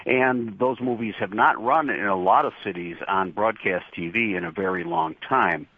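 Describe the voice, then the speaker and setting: Low-voiced chatty man. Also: expressive, moderate pace, gravelly, breathy edge, dry recording. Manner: chatty, laughs easily. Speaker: horror show host being interviewed. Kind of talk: casual interview answers. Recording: dull lo-fi dry line.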